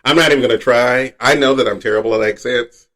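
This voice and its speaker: A man's voice: medium pitch, quick pace, fairly bright tone. A man hosting a casual chat podcast, easygoing and murmuring agreement often. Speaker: podcast host.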